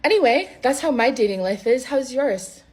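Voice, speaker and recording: A woman's voice: sits high, animated, moderate pace, a little mellow. A woman casually recounting a bad date to the camera, blunt and exasperated, swearing freely. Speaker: storyteller.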